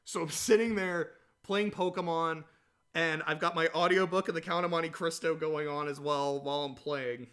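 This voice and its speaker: A man with a fairly high voice talks on his own podcast in a loose, rambling way. He tells stories with lively animation and chats casually throughout. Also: normal speed, clear, resonant tone. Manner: rambling, chatty, animated storytelling with laughs. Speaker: podcast host. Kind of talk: casual solo talk.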